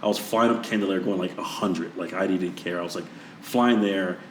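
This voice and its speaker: A man hosting a podcast, chatting casually and telling animated stories that act out what people said. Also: deep voice, brisk, slight background noise. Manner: animated storyteller acting out quotes. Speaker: podcast host. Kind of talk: casual conversation. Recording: roomy echoey sound.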